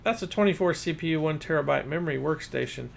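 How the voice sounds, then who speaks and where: A man's voice: fairly high pitch, fast, creaky. A man doing a formal, brainy boy. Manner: formal, precise.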